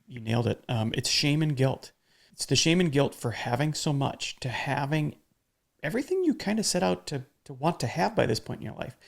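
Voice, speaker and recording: A man's voice: medium pitch, vocal fry. A man hosting a podcast in casual conversation, talking emphatically and bluntly, with the odd swear word. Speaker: podcast host.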